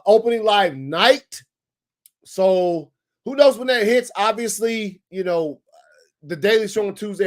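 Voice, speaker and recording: A young man hosting a daily live stream, chatting casually and excitedly with his viewers. His voice sits a little higher than most men's. He talks in loose slang and greets people in the chat as they arrive.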